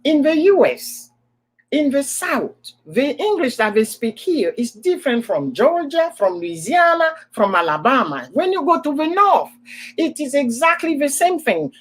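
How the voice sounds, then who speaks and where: A woman's voice: sits high, very animated, a little slow, poor audio. A woman with an African accent, telling a personal story as a host in a casual chat, repeating words for emphasis.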